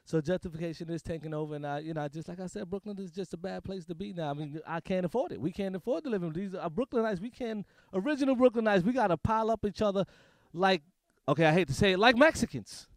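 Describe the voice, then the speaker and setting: High-voiced New comedian, dry sound. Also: male voice, fast talker, no echo. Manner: loose, rambling, jokey delivery. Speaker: stand-up comedian. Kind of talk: stand-up comedy set. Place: small comedy studio stage.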